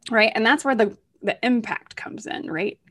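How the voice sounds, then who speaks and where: A woman hosting an interview, talking in an animated, chatty way about her tax planning work. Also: on the high side, moderate pace. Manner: animated, chatty, many fillers like "right?". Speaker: podcast host, tax planner. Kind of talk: casual conversational interview.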